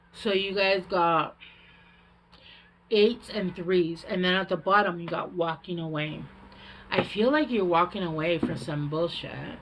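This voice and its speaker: A woman's voice: on the low side, fairly bright tone, poor audio. A woman giving a casual tarot reading, talking bluntly with lots of swearing, fillers and rambling asides. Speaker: tarot reader.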